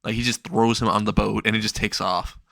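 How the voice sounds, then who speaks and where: A man's voice: fairly low pitch, little pitch movement, brisk, vocal fry, pushed and bright, no room sound. A man casually narrating a fan-made story, rambling and swearing. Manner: rambling, profane, laughs at own jokes.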